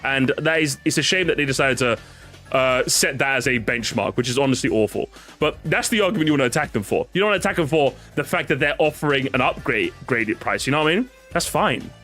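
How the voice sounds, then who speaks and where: Male streamer, casual react-stream talk, swings his pitch all over, laughs a lot. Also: quick pace, faint music behind. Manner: excitable, laughs often, swears casually.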